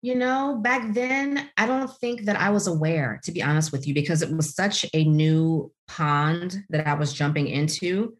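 A middle-aged woman from the United States telling her career story in an interview, animated and full of "you know" fillers. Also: normal speed, hardly any pauses. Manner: animated storytelling, voices quotes with big pitch leaps. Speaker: guest, author. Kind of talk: podcast interview, personal story.

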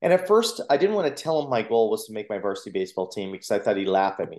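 A man, a motivational coach and speaker, earnestly telling his personal story in a podcast interview, with lively retellings of what people said. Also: lowish voice, rapid-fire, few pauses. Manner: earnest, animated retelling with acted quotes. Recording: roomy echo.

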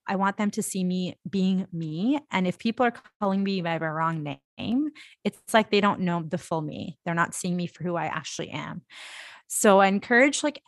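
A woman's voice: medium pitch, fairly bright tone, no echo, clean studio sound. A woman from India, a guest on a podcast, explaining things candidly. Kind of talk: podcast interview.

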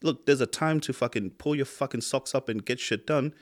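A man's voice: medium pitch, a little fast. A man, co-hosting a podcast in casual chat, talking with heated emphasis and heavy swearing. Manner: impassioned, swears a lot, rising emphatic outbursts. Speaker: podcast co-host.

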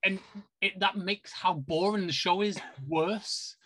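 A man's voice: high-pitched, steady tone, measured pace, sharp tone. A British man co-hosting a podcast, chatting casually about films with lots of fillers and restarts. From United Kingdom. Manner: chatty, hesitant, many fillers. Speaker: podcast co-host. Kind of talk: casual chat.

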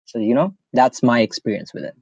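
A man's voice: mid-range voice, animated, fairly quick, a little mellow, no echo, lo-fi sound. Young man rambling in casual podcast chat. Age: young adult. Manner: rambling, filler-heavy storytelling with frequent "like". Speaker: podcast host.

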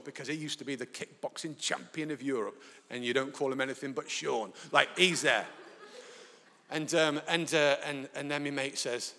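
A man preaching a sermon in a church, telling a lively, self-deprecating personal story. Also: fairly high pitch. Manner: animated storyteller, self-deprecating, acts out voices. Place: church, live. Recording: reverberant church hall.

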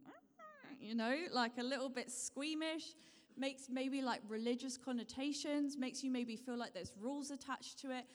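A woman preaches to her congregation, circling back to her points again and again and asking them questions as she goes. Her voice sits a little high. The sound rings out with the long reverb of a large hall. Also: darkish tone. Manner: repetitive, encouraging, asks the congregation questions. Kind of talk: sermon.

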